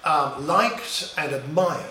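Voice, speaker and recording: Speaking slowly in a slightly high, sharp voice, a middle-aged English man reflects on his boyhood in a storytelling manner with small restarts. The recording is roomy and echoey, his voice far from the mic, with slight background noise.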